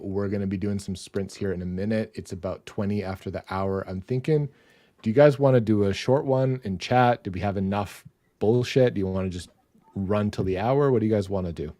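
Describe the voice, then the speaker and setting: A man from Canada hosting a livestream in relaxed, casual chat. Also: on the low side, moderate pace, dry recording. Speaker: livestream host.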